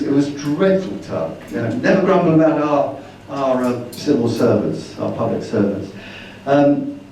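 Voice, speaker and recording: A man's voice: a little high, warm tone, slight background noise. A man giving a chatty, rambling slide-show talk about his travels, acting out the dialogue he quotes. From Britain. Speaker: speaker at a travel meeting. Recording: roomy hall, distant mic.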